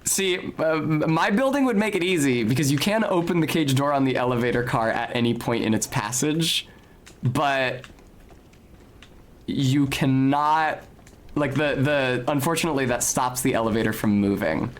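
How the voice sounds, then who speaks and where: Talking at a normal pace in a medium pitch, a streamer gives casual, wry commentary on his gameplay and occasionally curses.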